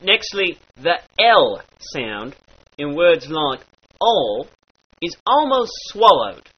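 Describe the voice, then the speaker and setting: Slow, lively man teaching a dialect. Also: fairly high pitch, slightly rough. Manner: mock-archaic phrasing, slow demonstrations of sounds. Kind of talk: instructional lesson with example phrases. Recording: dull lo-fi recording.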